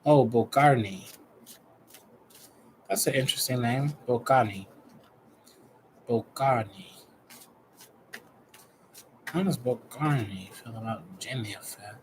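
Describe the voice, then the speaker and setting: A man from Chicago with a mid-range voice gives casual, playful tarot readings, chatting directly to his viewers as a tarot and numerology reader. He speaks a little slowly with frequent pauses, and the rough recording carries slight background noise.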